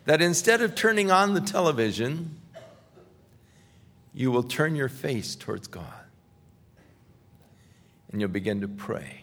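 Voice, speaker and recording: A male pastor delivers a sermon in a deliberate, unhurried cadence, swelling into loud, emphatic preaching. His voice sits at an ordinary middle pitch and rings out with the long reverb of a large church sanctuary. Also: animated. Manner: slow, emphatic preaching, surging loud on scripture.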